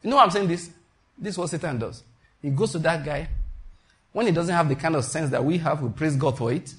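A man's voice: a little high, fairly quick, fairly bright tone. A man preaching a sermon in an emphatic, repetitive style, calling out to his congregation. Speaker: pastor.

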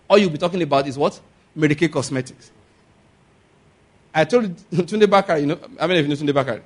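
A man preaching a sermon as a pastor, emphatic and often asking the congregation for an amen. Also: high-pitched. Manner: emphatic, asks the congregation for amens.

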